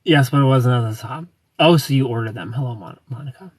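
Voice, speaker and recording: A young man hosts a casual livestream, giggling as he reads comments and greets viewers by name. His medium-pitched voice is fast with a breathy edge, picked up dry by a distant mic.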